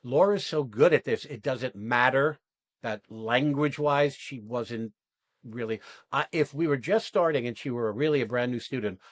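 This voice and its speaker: Animated male acting coach, dry sound. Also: mid-range voice, moderate pace, dry recording. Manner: animated, acts out quoted lines in lively bursts; casual, swears, tag questions like "right?". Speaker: acting coach and podcast host. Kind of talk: coaching feedback after an exercise.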